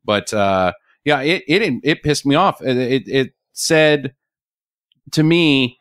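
A man's voice: medium pitch, animated, takes it slowly, a bit bright, clean tone, no room sound, clean studio sound. A man hosting a casual podcast chat, blunt and sarcastic, swearing freely. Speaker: podcast host.

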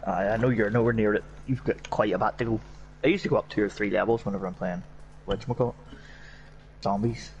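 A man's voice: fairly low pitch, steady tone, fast, darkish tone, muffled recording, a little hiss or hum. A young Northern Irish man chatting casually while gaming, sweary and rambling. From Northern Ireland. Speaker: gaming streamer.

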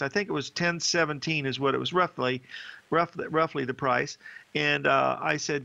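A man's voice: on the high side, steady tone, normal speed, vocal fry, bright, forceful tone, highs cut off. An older man hosting a market show, talking in a rambling, folksy way with many fillers. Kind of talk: casual market commentary and storytelling.

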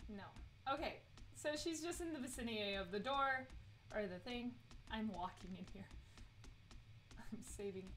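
A woman's voice: on the high side, a little hiss or hum. A woman streaming a horror game, chatty and giggly as she talks to herself and her chat. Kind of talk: live let's play commentary.

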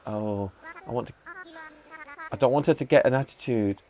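A man giving casual commentary while playing a video game, chatting to himself and to the characters with excitable bursts. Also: mid-range voice, normal speed. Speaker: gaming channel host. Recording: faint background music.

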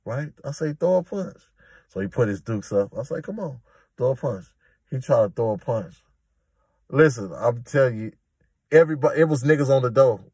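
A man's voice: medium pitch, darkish tone, husky, dry recording. A man telling a prison story in a casual, emphatic, streetwise way.

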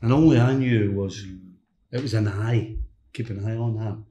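A middle-aged man, a former footballer and coach, tells lively anecdotes as a guest on a casual chat podcast. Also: fairly low pitch, moderate pace. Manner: anecdotal, lively, mimics others in quotes. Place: hotel room podcast set. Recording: roomy echo.

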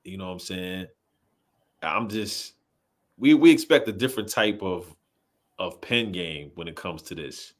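A man in his thirties co-hosting a casual chat, animated, quoting lines and restarting his sentences. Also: deep voice, a little slow, long pauses. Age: 30s. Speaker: podcast co-host. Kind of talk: casual chat about rap.

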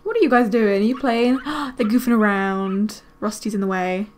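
A woman giving casual let's-play commentary, chatting to her game characters with quick excited exclamations. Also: medium pitch, a little hiss or hum. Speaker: gaming video creator.

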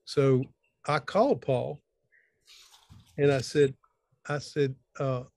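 A man's voice: medium pitch, takes it slowly, darkish tone, no room sound. A middle-aged man giving an informal, sermon-style talk over a video call, folksy and rambling, often restarting his sentences. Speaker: conference speaker.

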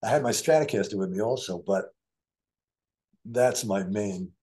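An older man tells stories from his years as a session guitarist. His voice sits fairly low, and he acts out the conversations he recalls as he goes. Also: moderate pace. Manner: animated anecdotes, acts out dialogue. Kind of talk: storytelling in an interview.

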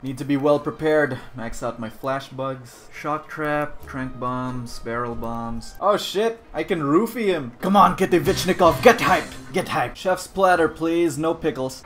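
A man playing a game and commenting to his friends, loud, jokey and profane, yelling at the monster. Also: mid-range voice. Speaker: gamer. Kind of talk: let's play commentary with friends on voice chat.

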